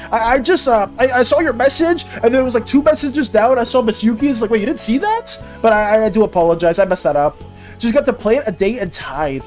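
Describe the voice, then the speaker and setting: Lively-voiced art streamer chatting with chat. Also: medium pitch. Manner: chatty, reads chat messages aloud and answers them. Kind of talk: casual live-stream chat.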